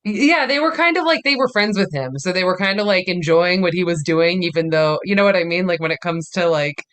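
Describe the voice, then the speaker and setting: A woman's voice: lowish voice, brisk, fairly bright tone. A woman comedian, a podcast guest, telling a story in a casual, rambling way full of "like". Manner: rambling, many "like" fillers.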